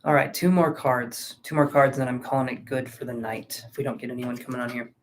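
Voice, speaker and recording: A man's voice: mid-range voice, steady tone, fairly quick, slight background noise. A man giving a live-streamed tarot reading, chatting casually and thinking aloud with fillers, sleepy and yawning. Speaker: tarot reader.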